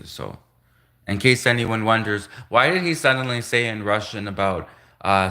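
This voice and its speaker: A man hosting a casual livestream, talking in halting bursts and slowly sounding out practice phrases in a language he is learning. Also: on the low side, pushed and bright. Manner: halting, restarts, slow careful reading of foreign phrases. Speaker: livestream host.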